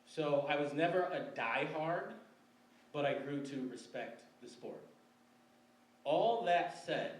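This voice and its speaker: A man's voice: medium pitch, slight background noise. Man telling a live story in an echoey room. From Michigan, USA. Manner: wry, conversational, laughs between lines. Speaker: storyteller on stage. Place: library event room before an audience. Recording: roomy live recording from a distance.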